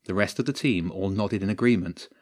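Low-voiced male storybook narrator. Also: fairly quick, a little mellow.

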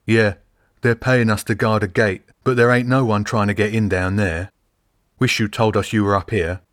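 A male narrator plays a sulky audiobook rat guard who drawls his complaints. His voice sits low and close to the mic. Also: steady tone, normal speed, fairly bright tone, no room sound, close to an everyday voice. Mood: glum. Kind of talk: audiobook character voice.

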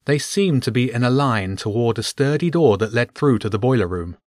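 Man, storyteller, children's book narration, mid pitch, dry close sound. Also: animated, a little fast, a little mellow, no room sound.

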